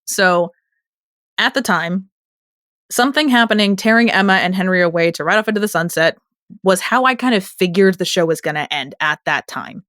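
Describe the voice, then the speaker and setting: A woman in her late twenties talks on a podcast in an easy, chatty way and gets emotional. Her voice sits a little low. The close mic sounds dry. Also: animated, moderate pace, a bit bright, dry recording. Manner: chatty, emotional, laughs often. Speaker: podcast co-host. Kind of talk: casual chat.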